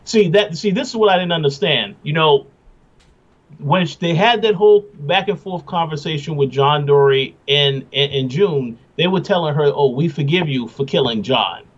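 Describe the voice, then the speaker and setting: Man with a higher voice, dull sound. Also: normal speed. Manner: rambling, repeats words while thinking. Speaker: podcast co-host. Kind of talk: casual recap chat.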